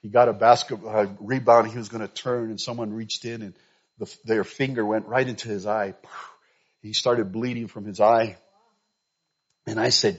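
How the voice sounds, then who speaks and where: A man preaching a sermon to a church congregation, telling a story and then pressing his point with loud, emphatic bursts. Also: lowish voice, steady tone, moderate pace, slightly rough. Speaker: pastor. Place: church sanctuary. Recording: slightly dull, lo-fi recording.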